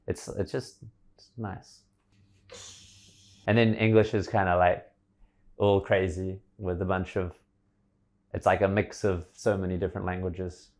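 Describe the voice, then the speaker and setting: A man's voice: low-pitched, little pitch movement, a little slow, long pauses, darkish tone. A man hosting a podcast in casual conversation, chatty and enthusiastic, prone to rambling. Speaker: podcast host.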